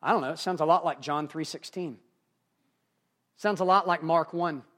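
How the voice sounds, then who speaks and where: Male preacher, high-pitched, sermon delivery that drops soft then builds to emphatic runs. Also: normal speed. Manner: dynamic preaching, swings from hushed to emphatic. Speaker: pastor.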